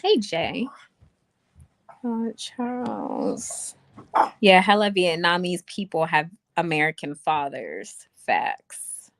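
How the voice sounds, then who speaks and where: Chatty young woman with a lively voice. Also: on the low side, slow pace, creaky. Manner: chatty, reads viewer comments aloud. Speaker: livestream host. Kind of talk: casual livestream chat. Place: home room. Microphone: webcam or phone mic.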